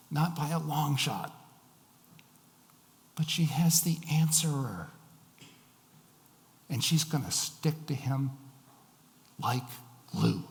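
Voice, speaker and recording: A man preaching a sermon as a pastor, telling stories with shifting emphasis. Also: on the high side. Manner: storytelling, varied emphasis. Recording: long hall reverb.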